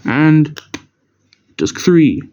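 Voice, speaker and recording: With a higher-leaning voice, big pitch swings, and a darkish tone, a young man speaks extremely slowly while casually presenting his DVD collection. The narration rambles and self-corrects after stumbles, recorded on dull lo-fi camera audio with slight background noise.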